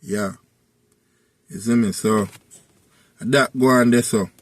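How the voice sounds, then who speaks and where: A man's voice: on the low side, steady tone, slow pace, breathy edge, no echo. A man with a Jamaican accent telling a personal story in a casual, rambling way and coming back again and again to the same tag phrases. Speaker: vlogger.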